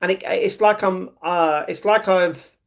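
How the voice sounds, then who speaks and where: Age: adult. Sex: man. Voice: very high-pitched. Style: upbeat live-stream chat. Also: steady tone, measured pace, vocal fry. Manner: upbeat, chatty, greets viewers by name.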